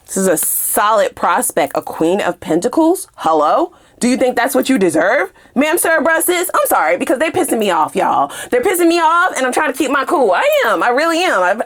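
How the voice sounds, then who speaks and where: A fiery woman tarot reader, swearing as she talks. Her fairly high voice leaps all over the place, dropping low one moment and shooting up the next. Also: very animated, brisk, few pauses. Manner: fiery and profane, swinging from low mutters to high shouts. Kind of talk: animated tarot reading.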